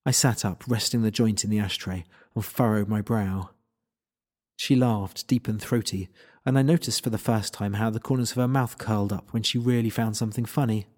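A man's voice: on the low side, fairly even intonation, normal speed, a little mellow. A man narrating a first-person story in a wry, self-deprecating way.

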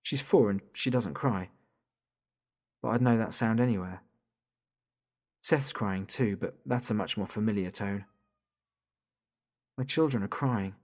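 A man's voice: moderate pace, long pauses, darkish tone. A man reading a first-person audiobook story as a frightened father, his voice climbing sharply when he asks questions. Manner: tense and rising, pitch jumping up in panic on questions. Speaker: narrator, father of small children.

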